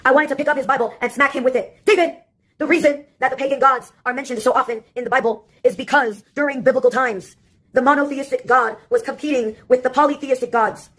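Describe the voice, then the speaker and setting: A woman's voice: high voice, fairly even intonation, quick pace, fairly bright tone. A woman delivering a rambling, sarcastic comic monologue that jumps from topic to topic.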